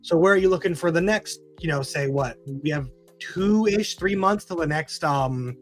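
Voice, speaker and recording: A man's voice: on the high side, moderate pace, faint music behind. A man hosting a casual podcast chat, telling rambling self-mocking stories full of fillers. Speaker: podcast host.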